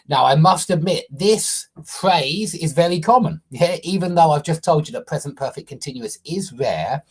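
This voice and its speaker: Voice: mid-range voice, animated, normal speed, hardly any pauses, darkish tone, slightly rough. An English grammar teacher explaining a tense step by step, stressing key points and often checking in with "okay?" or "yeah?".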